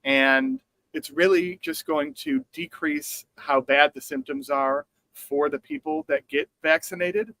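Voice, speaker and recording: A man co-hosting a casual chat show, animated and sarcastic, swearing freely. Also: fairly high pitch, a little slow, gravelly, no echo, low-quality recording. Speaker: podcast co-host.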